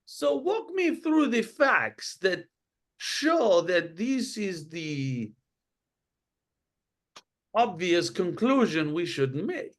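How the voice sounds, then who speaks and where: A man's voice: high-pitched, big pitch swings, extremely slow, long pauses, exaggerated voice. A man voicing a stern official who questions the party at a tribunal. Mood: demanding.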